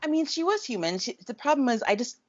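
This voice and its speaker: A woman's voice: sits high, quick pace. A woman co-hosting a podcast, telling a story casually and acting out the people she quotes. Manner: animated, acts out quoted voices. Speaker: podcast co-host. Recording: dull dry podcast recording.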